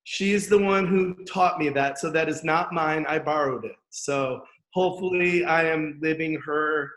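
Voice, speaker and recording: A man's voice: fairly high pitch, a little slow, a bit bright, echoey room, low-quality recording. A man guest on an education podcast, talking candidly and from the heart, with lots of "like, you know". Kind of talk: casual conversation.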